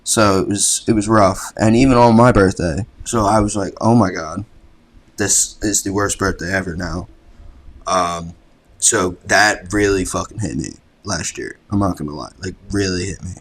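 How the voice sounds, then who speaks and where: Speaking low and at a moderate pace, this young adult lacrosse player from college shares a personal story with a podcast host. His delivery is relaxed and meandering, peppered with swearing and "like."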